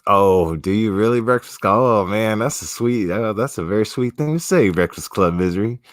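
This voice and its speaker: A man's voice: on the low side, moderate pace, no echo, clean studio sound. A man hosting a livestream, chatting casually with viewers in a profane, slangy, laid-back way. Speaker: livestream host.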